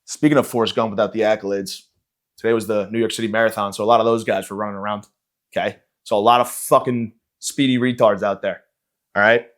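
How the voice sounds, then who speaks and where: A man's voice: on the low side, flat delivery, fast. Profane ranting man podcaster. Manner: profane, sarcastic, rambling. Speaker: comedian podcast host. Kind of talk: ranting comedic monologue.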